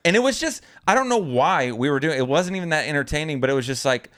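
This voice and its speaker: Young guy, podcast co-host, casual storyteller, smooth clear voice, lively when quoting. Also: on the high side, quick pace. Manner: animated, acts out quotes in a raised voice.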